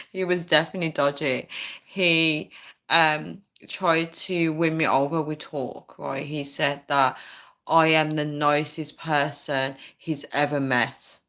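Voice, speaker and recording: Chatty young woman vlogger, lowish voice. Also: fairly even intonation, a little slow, fairly bright tone. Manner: chatty, frequent "right?" and "guys", laughs often. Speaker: vlogger reading live chat. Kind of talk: casual storytelling chat.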